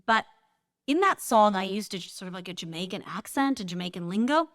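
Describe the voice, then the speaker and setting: A woman musician being interviewed, telling animated stories and laughing often. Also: medium pitch, a little fast, no echo, clean studio sound. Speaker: guest, singer and composer. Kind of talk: casual interview storytelling.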